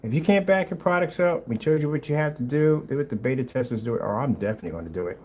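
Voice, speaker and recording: Man, sarcastic reaction commentary, exasperated, mid pitch, lively pitch swings. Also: racing, a little hiss or hum. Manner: mocking, exasperated, drifts between loud outbursts and low mutters. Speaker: projector screen paint maker reviewing a rival's video.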